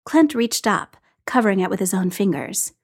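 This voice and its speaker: A woman reading fiction aloud in an even, unhurried way. Her voice sits at a middle pitch and carries the narration steadily. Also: breathy edge. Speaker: story reader.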